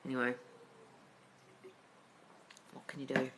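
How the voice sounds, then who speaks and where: A young woman hosting a casual live Q&A from her phone, animated and blunt and swearing freely as she reads out viewer comments. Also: rumbling low, takes it slowly, slight background noise. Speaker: manifesting coach hosting a live Q&A. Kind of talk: casual livestream chat reading viewer comments. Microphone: phone mic on a social media live stream.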